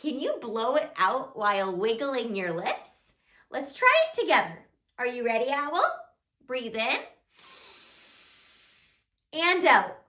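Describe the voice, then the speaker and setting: A woman hosting a children's show, telling a gentle story and leading breathing exercises in a soft sing-song manner with playful delight. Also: fairly high pitch, animated, slow, long pauses, reverberant.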